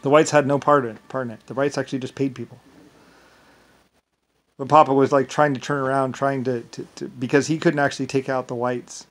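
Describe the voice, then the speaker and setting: A man's voice: medium pitch, little pitch movement, brisk, low-quality recording. A man talking in a casual, rambling monologue, often stumbling and repeating words as he restarts his sentences.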